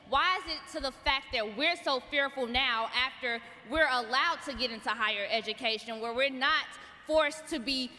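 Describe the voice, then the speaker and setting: Woman at a panel, sharp bright voice, pushes her point with repeats, echoey hall. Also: sits high. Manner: forceful, rallying repetition. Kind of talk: impassioned public remarks. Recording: echoey hall with faint noise.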